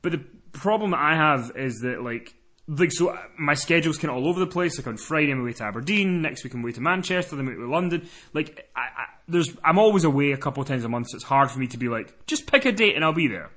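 A young man hosting a podcast, telling a story in a casual, animated way and swearing freely. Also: fairly high pitch, quick pace. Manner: animated, profane, laughing storyteller. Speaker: podcast host.

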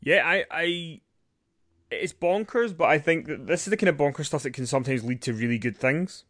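A man's voice: a little high, lively intonation, moderate pace, fairly bright tone, no room sound, clean studio sound. A man hosting a podcast, wry and hesitant, repeating words as he talks. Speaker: podcast host. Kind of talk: casual podcast chat and sign-off.

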